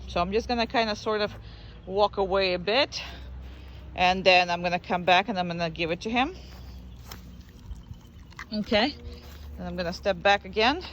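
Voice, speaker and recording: A dog trainer explains a training drill in a loose, conversational way, with a voice of middling pitch. A faint hiss sits under the talk. Between explanations the trainer's voice leaps up into squealing baby-talk praise for the dog. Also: moderate pace, pauses often, fairly bright tone, muffled recording. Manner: chatty, explains while working a dog. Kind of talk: casual training demo.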